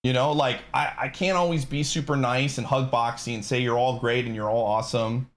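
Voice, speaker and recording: A man's voice: medium pitch, fairly even intonation, brisk. A man streaming live, ranting to his chat in a frustrated, emphatic, insistent way.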